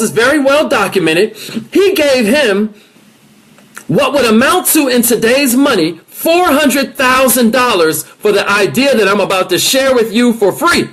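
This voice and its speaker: A man giving an energetic motivational talk, coaching his listeners directly and with emphasis. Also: extremely high pitch. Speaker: motivational speaker.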